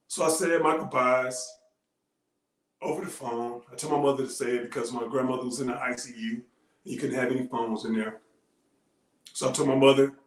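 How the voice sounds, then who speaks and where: A man giving a heartfelt motivational talk, telling a personal story with earnest, dramatic pauses. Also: medium pitch. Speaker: motivational speaker. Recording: roomy echo.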